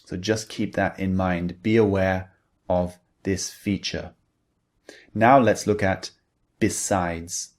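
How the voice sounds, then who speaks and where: Male English teacher, low voice, slow and deliberate explaining, scripted lesson. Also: steady tone, a little mellow.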